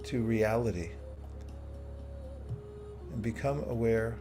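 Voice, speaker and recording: A man teaching bhakti yoga, guiding a slow, soothing meditation. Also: mid-range voice. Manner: slow, soothing guidance with playful asides. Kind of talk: guided meditation with live chat. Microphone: streaming setup, own audio controls. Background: soft soothing music.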